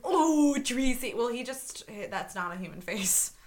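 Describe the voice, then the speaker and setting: A woman's voice: mid-range voice, normal speed, a bit bright. A woman co-hosting a casual chat, blunt and sarcastic and swearing freely. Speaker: podcast co-host.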